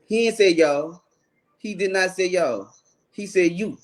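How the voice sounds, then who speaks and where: A man's voice: high voice, measured pace. A man hosting a casual livestream show, greeting viewers by name in loose slangy banter.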